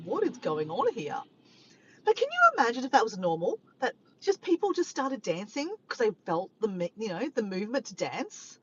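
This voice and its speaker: Woman live-streaming from a car, playful and laughing, lively pitch, muffled lo-fi sound. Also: a little hiss or hum. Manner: chatty, laughs often, playful teasing. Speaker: live-stream host reading viewer comments. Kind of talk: casual live-stream chat. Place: in a car parked by the beach.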